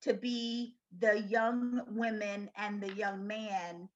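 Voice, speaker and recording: A woman's voice: mid-range voice, little pitch movement, slow, highs cut off. A middle-aged woman telling her story as an interview guest, earnest and conversational. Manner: earnest, storytelling, acts out quoted voices. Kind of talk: personal testimony interview.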